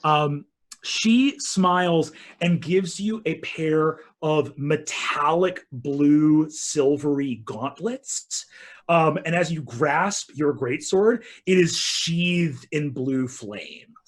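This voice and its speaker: A man running a tabletop fantasy game as dungeon master. He narrates slowly and expressively, with a voice a little higher than most men's. He brings scenes to life for the players. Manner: animated storyteller, voices characters.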